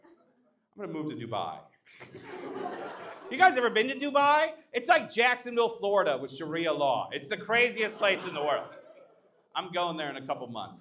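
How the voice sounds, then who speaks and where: Brief: young man, stand-up at a live show, animated and brash. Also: high voice, moderate pace, pauses often, slight background noise. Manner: brash, crowd-teasing, animated. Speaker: stand-up comedian. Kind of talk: live stand-up set with crowd work. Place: live comedy show at an art exhibition.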